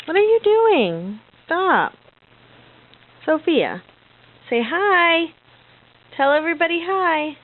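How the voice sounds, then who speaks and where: Slow high-voiced mom coaxing her toddler. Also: sing-song, phone-quality sound, slight background noise. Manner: coaxing, sing-song baby talk. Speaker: mother filming her toddler. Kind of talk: home video.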